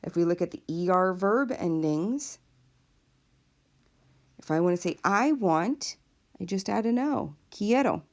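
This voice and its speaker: A woman teacher talks through a recorded lesson at an unhurried pace. Her voice sits a little low and carries a gravelly fry. She explains each step patiently. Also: lively intonation, a little mellow. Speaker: Spanish teacher.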